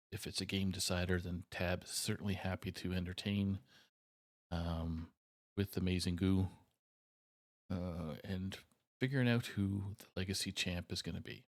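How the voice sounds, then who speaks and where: A man with a very low voice hosts a live esports stream. He talks casually and haltingly, pausing often as he wraps up the night. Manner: halting, many filler pauses.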